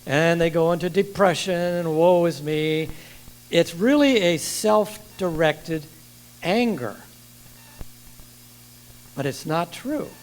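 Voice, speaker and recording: An older man preaching a sermon in a church, lively and asking the congregation questions. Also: fairly high pitch, takes it slowly, pauses often, rough recording.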